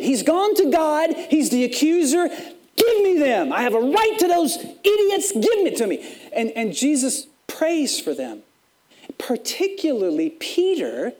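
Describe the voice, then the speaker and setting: A man preaching with a lively voice that swings widely up and down in pitch. He is an animated pastor who acts out the people he quotes and doubles back on words as he pushes his points home. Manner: repeats words when building a point. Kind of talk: sermon.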